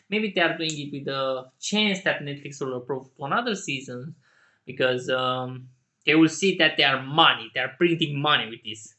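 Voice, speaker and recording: A man in a casual solo rant who laughs often, swears, and jumps to indignant shouting. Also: mid-range voice, normal speed. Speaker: channel host.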